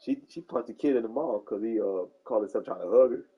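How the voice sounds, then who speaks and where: A man in his forties in casual chat, telling profane stories in a lively way and acting out the people in them. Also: on the low side, fast talker, breathy edge, muffled recording. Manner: animated storyteller, profane, acts out quoted people.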